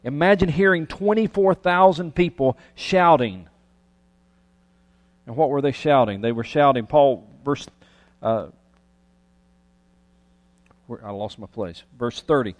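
A man preaching a sermon, reading scripture aloud and breaking off into lively, conversational asides. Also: medium pitch, unhurried, pauses often, long reverb tail. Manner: animated, conversational preaching with restarts. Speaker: pastor.

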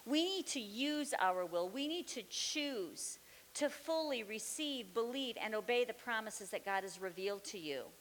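A woman's voice: fairly high pitch, animated, a little slow, fairly bright tone. A middle-aged woman teaching the Bible, sharing a testimony with fervent, building declarations. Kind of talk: testimony during a sermon. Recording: long reverb with faint hiss.

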